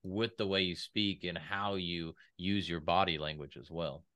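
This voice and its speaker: A man's voice: sits low, steady tone, unhurried, pushed and bright. A man talking casually in a podcast conversation about speaking and business, and he acts out quoted voices.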